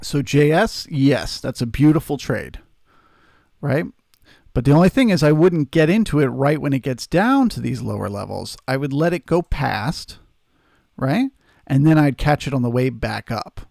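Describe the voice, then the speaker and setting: A man's voice: medium pitch, animated, moderate pace, gravelly, darkish tone, no room sound, clean studio sound. A man hosting a live trading stream, answering chat and coaching viewers in an earnest, emphatic way. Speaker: trading livestream host.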